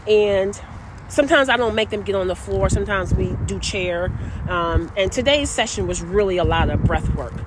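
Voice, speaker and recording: A woman yoga teacher casually sharing stories from her classes in a chatty, animated way. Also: mid-range voice, moderate pace, background noise. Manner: warm, chatty, animated storytelling. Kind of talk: casual storytelling vlog.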